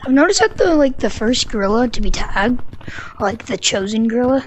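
A woman's voice: fairly high pitch, animated, fairly quick, slight background noise. A woman giving casual, jokey commentary while playing an active VR game, a little out of breath. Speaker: gamer streaming VR gameplay.

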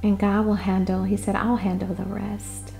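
A woman delivering a prophetic word in an impassioned way, moving between loud declarations and hushed asides. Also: medium pitch, flat delivery, normal speed, creaky, faint music behind. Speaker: prophetic minister.

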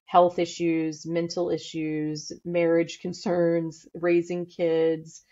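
In a casual interview, a middle-aged St. Louis woman speaks as a podcast guest, fast-talking, blunt, and candid. Her fairly low, mellow voice comes out completely flat, and the sound is lo-fi.

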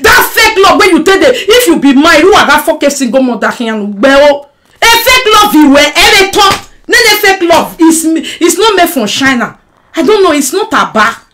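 A Nigerian woman with a high-pitched voice vents straight to her live-stream viewers. She swings from shouting to grumbling under her breath. She mixes Pidgin and English as she goes. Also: very animated, normal speed, noisy background. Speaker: social media personality. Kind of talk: emotional live-stream rant.

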